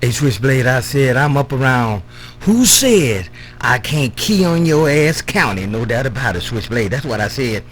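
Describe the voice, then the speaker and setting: A man in casual CB radio banter, drawling and repeating his sign-off catchphrase, his words trailing off low. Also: very animated, normal speed, fairly bright tone, slight background noise. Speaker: CB radio operator.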